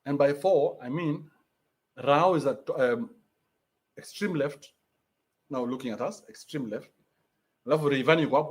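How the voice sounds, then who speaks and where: A man with a Kenyan accent hosting a podcast, ranting in a mocking, animated way and swearing freely. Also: on the high side, moderate pace, long pauses. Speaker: podcast host. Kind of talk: ranting commentary.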